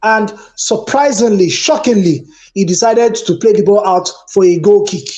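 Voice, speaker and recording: A man's voice: high-pitched, normal speed, a little mellow, soft background music. A man, debating football as a pundit and telling stories with emphatic exasperation. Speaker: sports pundit. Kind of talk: animated sports debate.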